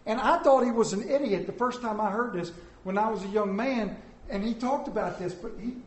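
A middle-aged man preaching a sermon as the church's pastor, telling stories and dropping from loud to soft. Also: high-pitched, a little fast, slight background noise. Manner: storytelling, swinging between soft and loud. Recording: echoey church hall.

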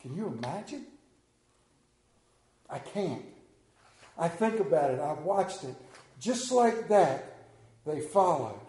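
A man preaching a sermon in an emotional, halting way, often repeating his words as he gets carried away. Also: on the high side, sing-song, dark tone, reverberant.

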